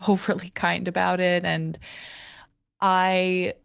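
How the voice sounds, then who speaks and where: Low-voiced woman in her thirties, reflective interview guest, halting delivery. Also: fairly even intonation, no echo, dull audio. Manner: thoughtful, halting, many restarts. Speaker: guest, actor and writer.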